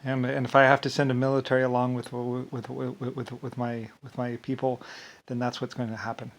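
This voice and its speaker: A man's voice: medium pitch, completely flat delivery, fairly quick. Rambling man, restarting words constantly. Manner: trails off with "anyway, whatever". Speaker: vlogger. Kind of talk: rambling personal monologue.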